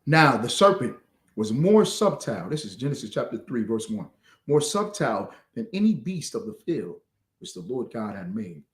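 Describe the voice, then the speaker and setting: Man, fiery preacher, lively pitch swings, echoey recording. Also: normal speed. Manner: fiery, swings from shouting to low muttering. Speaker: street preacher.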